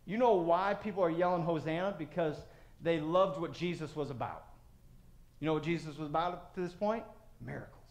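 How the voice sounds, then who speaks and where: A man preaching a sermon as pastor, animated and acting out voices of crowds and of God. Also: on the high side, fairly quick, reverberant.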